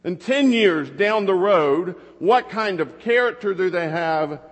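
Pastor, male, thirties, fairly high voice, easy storytelling sermon, long hall reverb. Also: expressive, a little slow. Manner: conversational storytelling with rhetorical questions.

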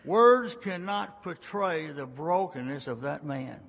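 Slow gravelly preacher in a reverberant church. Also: male voice, fairly high pitch, animated. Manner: folksy, dramatic storytelling with sudden loud and hushed passages. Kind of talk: sermon. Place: church sanctuary. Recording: long reverb of a large church.

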